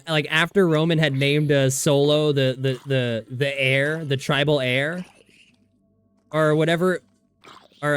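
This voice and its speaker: A man's voice: fairly high pitch, clear, resonant tone. A man livestreaming a survival game, chatting casually in a rambling, profane way and laughing often. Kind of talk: casual gaming stream chat.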